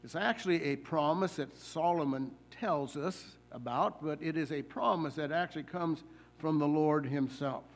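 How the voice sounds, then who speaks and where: Man, preacher, sermon, gravelly tone, fairly high pitch, halting phrasing. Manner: deliberate, slows and stresses scripture quotes; halting, with fillers and repeated words.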